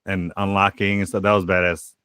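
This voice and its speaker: A man's voice: sits low, little pitch movement, brisk, a bit bright, clear, resonant tone, no room sound. A man co-hosting a podcast, chiming in casually with short agreements and comments. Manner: short agreeing interjections, laid-back. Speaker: podcast co-host. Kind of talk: casual chat.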